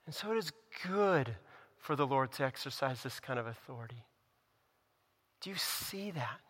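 A man, a pastor, preaching a sermon with earnest emphasis, rising to loud lines and dropping to hushed ones. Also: medium pitch, expressive, normal speed, breathy edge. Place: church sanctuary. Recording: long reverb of a church hall.

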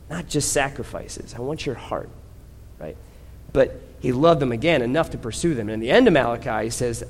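A man preaching a sermon in a conversational way, often checking in with "right?", growing louder and slower on key points. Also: mid-range voice. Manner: swells louder and slower when stressing points. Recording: long hall reverb.

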